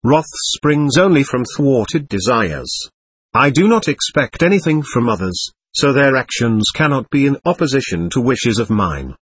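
A man voicing a serene elderly male guru who speaks in a calm, measured, kindly way. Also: medium pitch, slightly rough, dry recording.

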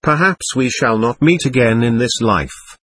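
Give me a man reading a stern elderly father with a husky voice, solemn and measured, in a dry audiobook recording. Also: medium pitch, fairly bright tone, no echo. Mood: grave.

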